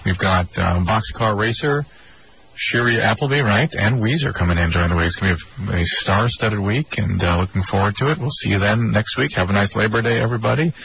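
Man, radio host, low, relaxed sign-off, dull muffled audio, noisy. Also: brisk, creaky. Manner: relaxed wrap-up. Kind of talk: show sign-off.

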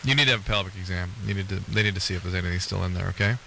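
A man's voice: low-pitched, rapid-fire, creaky, pushed and bright, a little hiss or hum. A man co-hosting a call-in radio show as the doctor, asking direct questions and giving clinical advice.

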